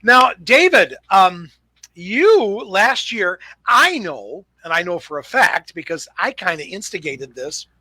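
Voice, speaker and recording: A man's voice: high-pitched, very animated, slow, bright, forceful tone, rough recording. A man hosting a casual talk show, reacting with laughs and emotion. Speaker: host. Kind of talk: casual chat.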